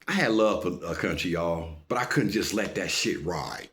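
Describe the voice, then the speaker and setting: Animated man telling a street story. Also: sits low, normal speed. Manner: animated, profane, keeps saying "listen to me".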